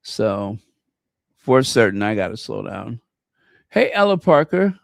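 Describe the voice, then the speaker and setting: A man's voice: on the low side, sing-song, unhurried, gravelly, no echo, clean studio sound. A man hosting a casual livestream, gushing over gifts and greeting viewers by name. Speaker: channel host. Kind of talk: casual live-stream chat.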